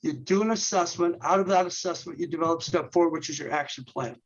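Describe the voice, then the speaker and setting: A man with a fairly high voice, speaking as a guest on a ministry podcast. He walks through his points step by step, stacks up rhetorical questions and trips over repeated words. The audio is dull and lo-fi. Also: fast. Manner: earnest, lists steps and rhetorical questions, repeats and restarts words. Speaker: guest, men's ministry leader. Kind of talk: instructional interview talk.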